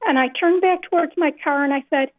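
Calling a radio show, a woman tells a heartfelt personal story in a high voice, recorded dry over a tinny phone line. She goes slowly and deliberately at crucial moments and keeps repeating phrases.

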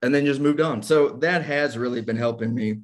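A man's voice: mid-range voice, a little fast. Man, forties, casual faith talk, candid, self-mocking, chatty. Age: 40s. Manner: candid, self-deprecating, laughs at himself.

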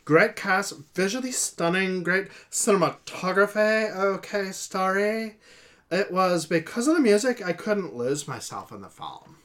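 A man playing a valley-girl young woman griping about a film. The voice is pushed up high and emphatic. It is a comic impression, plainly put on. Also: huge pitch swings, normal speed, few pauses. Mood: gushing.

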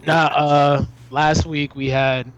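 An animated man co-hosting a podcast, joking and restarting his sentences as he talks. His voice sits a little high, and the recording is dry and dull, a bit lo-fi. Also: slow pace, clear, resonant tone, no echo. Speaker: podcast co-host. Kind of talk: casual chat.

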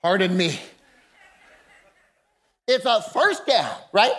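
A man preaching a sermon as pastor of a church service, impassioned, breaking into shouts and calling out to the congregation. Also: very high-pitched, lively intonation, unhurried.

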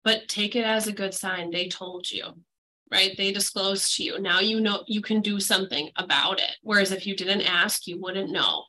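Appearing on a podcast as a school mental health guest, this woman offers earnest, reassuring, practical advice. She speaks at a moderate pace with a steady medium pitch and a pushed, bright quality, over slight background noise in poor audio.

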